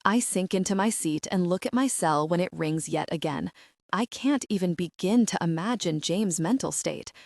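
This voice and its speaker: A woman reading a dark romance audiobook in first person, with dramatic, tense storytelling. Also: fairly low pitch, moderate pace, no echo, clean studio sound. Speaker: audiobook narrator.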